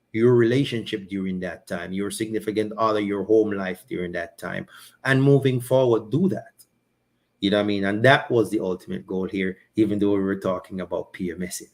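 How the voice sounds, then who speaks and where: A man hosting a podcast in a casual monologue, animated and repeating phrases for emphasis. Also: lowish voice, moderate pace. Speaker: podcast host.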